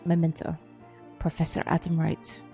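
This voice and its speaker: A grave older German psychiatrist from a mystery game, as a woman puts him on, speaking with an attempted German accent. He talks in a hushed, measured, solemn way. The voice is low and gravelly. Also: completely flat delivery, soft background music.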